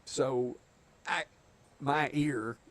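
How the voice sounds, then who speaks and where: A man's voice: mid-range voice, fairly even intonation, very slow. A middle-aged man with a Southern US accent, chatting casually and telling stories while streaming a game. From southeastern United States. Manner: chatty storyteller, chuckles often. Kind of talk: casual chat while gaming.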